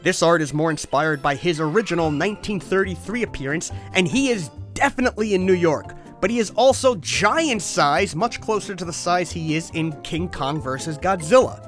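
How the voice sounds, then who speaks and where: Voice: mid-range voice, lively intonation, moderate pace, hardly any pauses, soft background music. A host giving a comedic overview of toy history, with wry, exaggerated comic outbursts.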